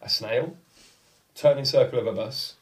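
A man on a football podcast, swearing freely and telling a lively story in casual chat. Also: medium pitch, normal speed, far from the mic. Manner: swears a lot, animated anecdotes. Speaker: podcast co-host.

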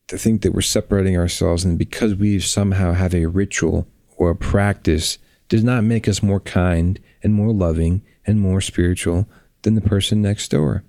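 A man hosting a reflective podcast, talking bluntly and earnestly with drawn-out pauses, on a close microphone. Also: fairly low pitch, mellow, dry recording. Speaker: podcast host.

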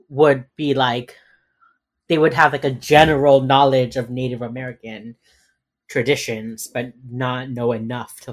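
Guy cohost recapping a show, rambly, lots of likes and ums, mid pitch. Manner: rambling, quick recap full of fillers. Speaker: podcast co-host. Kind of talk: casual chat recapping a TV episode.

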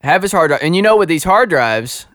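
A man co-hosting a podcast, telling an animated story in casual chat, laughing often and acting out quoted dialogue. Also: fairly high pitch, a little fast, no room sound, studio quality. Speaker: podcast co-host.

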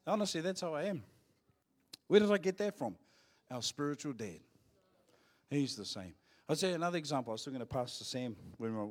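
In church, a mid-range-voiced male pastor with a New Zealand accent gives a sermon built on storytelling. His tales are cheeky and jokey, and he acts out quotes in a louder voice.

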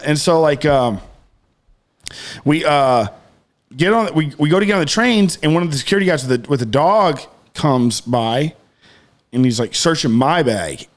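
Rambling, slightly high-voiced man. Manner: rambling, many restarts and fillers, swears casually. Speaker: podcast co-host. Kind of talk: casual storytelling chat.

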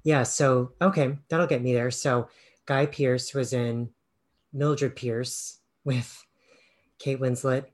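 A man's voice: mid-range voice, steady tone, takes it slowly. A man co-hosting a podcast over a video call, thinking aloud and muttering to himself as he chats. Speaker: podcast co-host. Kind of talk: casual chat.

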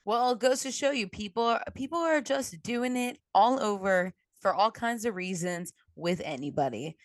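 Woman podcast host, mid pitch, dry close sound, chill and low-key. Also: animated, normal speed, dry recording. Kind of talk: casual chat.

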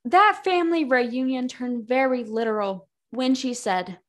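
A young adult woman with a high voice co-hosts a casual book podcast at a measured pace. She rants and swears while recapping, and she reads quotes aloud with dramatic flair.

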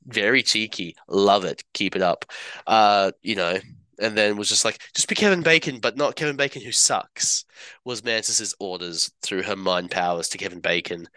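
Guy rambling excitedly about a show he watched, bright punchy voice, dry close mic. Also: deep voice, clear, resonant tone, no echo. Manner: enthusiastic, rambling, acts out quoted lines. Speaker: show reviewer. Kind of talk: casual recap chat.

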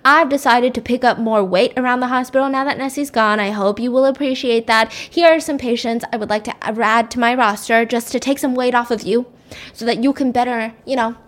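A woman voicing an ambitious young male doctor who flatters his boss and stammers under questioning. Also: fairly high pitch, fairly quick, lightly acted. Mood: flattering.

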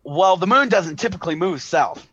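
A man's voice: high voice, expressive, normal speed, a bit bright, husky, dry recording, pitched above the performer's own voice, exaggerated voice. A man voicing a bossy, short-tempered woman director. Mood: impatient, commanding. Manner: barking orders, exasperated. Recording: dull lo-fi, dry.

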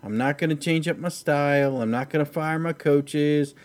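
A man's voice: a little high, moderate pace. A man hosting a casual, profane chat about fights, rambling and laughing easily. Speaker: podcast host.

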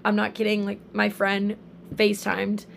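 A young woman telling a story in a casual faith chat, animated and full of fillers. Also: medium pitch, normal speed, gravelly, a little hiss or hum.

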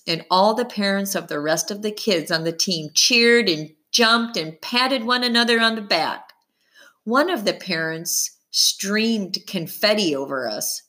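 A woman reading a first-person audiobook aloud, with expressive narration that follows the story's tension. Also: medium pitch.

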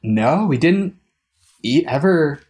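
A young man co-hosting a casual podcast, recounting a trip in a halting, wry way with frequent small laughs. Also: fairly high pitch, animated, a little mellow, breathy edge. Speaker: podcast co-host, trip returnee.

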